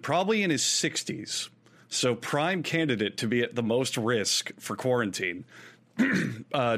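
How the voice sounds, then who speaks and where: A man co-hosting a casual podcast, telling a long story in a rambling, laid-back way with fillers and laughs. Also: mid-range voice. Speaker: podcast co-host.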